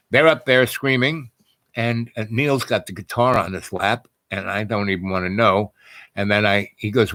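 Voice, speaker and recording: A man's voice: mid-range voice, a bit bright, no room sound. Guy rambling through a story, lots of ums and restarts, dry close sound. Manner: rambling, digressive, many fillers and restarts. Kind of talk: casual personal storytelling.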